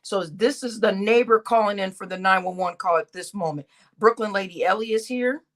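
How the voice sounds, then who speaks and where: A woman's voice: mid-range voice, a little fast. A woman hosting a casual reaction stream, talking over a played recording in a rambling way, with stumbling restarts and blunt exclamations.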